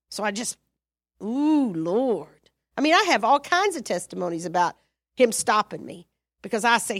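A woman preaches in a fairly high voice, animated and exhorting, her pitch and volume leaping as she acts out prayers and conversations. The sound is dry and close, with little room around it. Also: dry recording. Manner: animated, exhorting with sudden loud rises. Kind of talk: sermon.

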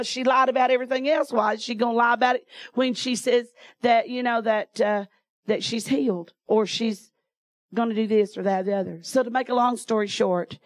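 A woman preacher tells a story from the pulpit in a folksy way, often breaking into laughter. Her voice sits fairly high for a woman. The recording is close and dry, with no room echo. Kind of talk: sermon testimony.

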